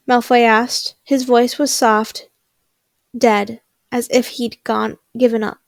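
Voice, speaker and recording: Young woman, story reading, slow, halting restarts, dry recording. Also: fairly high pitch, steady tone, no room sound. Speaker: fanfiction reader.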